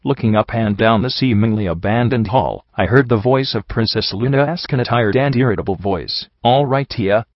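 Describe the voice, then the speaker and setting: A man narrating a first-person story in a steady reading voice. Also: lowish voice, brisk, few pauses, no room sound, dull audio.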